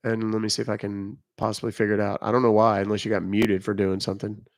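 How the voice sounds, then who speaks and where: Gravelly-voiced man hosting a live stream. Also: fairly low pitch, flat delivery, fast talker. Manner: chatty, reads out chat comments, explains rules. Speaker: livestream host. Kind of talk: casual live-stream chat with viewers.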